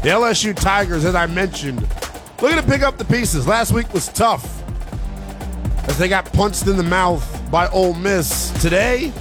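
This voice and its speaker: A man hosting a college football radio show, energetic and slangy, with quick hype and asides. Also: sits high, music in the background. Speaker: sports radio host.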